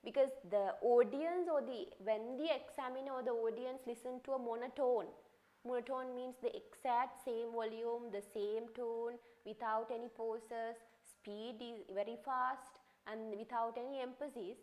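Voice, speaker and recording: A woman lecturer explaining presentation skills to students, often checking in with a quick "right?" and restating phrases as she goes. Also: a little high, fairly even intonation, darkish tone. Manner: instructive, often ends points with a checking "right?". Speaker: university English lecturer.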